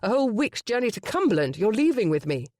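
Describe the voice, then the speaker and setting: A narrator voicing a stern, stubborn nobleman brother in an audiobook, loud and indignant. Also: high voice, big pitch swings, fast, dry recording, studio quality, voice pushed up. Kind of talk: audiobook character voice.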